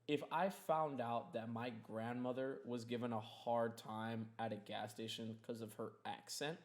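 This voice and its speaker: A man's voice: mid-range voice, steady tone, measured pace. A young man hosting a casual podcast, ranting in a heated, profane, rambling way. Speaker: podcast host.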